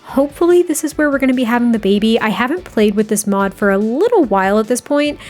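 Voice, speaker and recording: A woman's voice: fairly high pitch, animated, fast talker, a little mellow, faint music behind. A young woman giving casual gameplay commentary, chatty and giggly, with lots of fillers as she talks. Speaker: gameplay creator.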